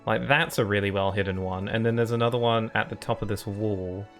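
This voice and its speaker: A man's voice: lowish voice, a little fast, fairly bright tone. A man giving rambling, chatty live-stream commentary while he plays, often laughing at himself. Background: faint game music.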